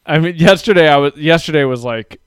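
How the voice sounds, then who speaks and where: A man's voice: on the high side, a little fast, clear, resonant tone, no room sound, clean studio sound. A man in his thirties, a father of young kids, rambling through a casual story with lots of swearing. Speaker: podcast co-host. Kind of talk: casual chat.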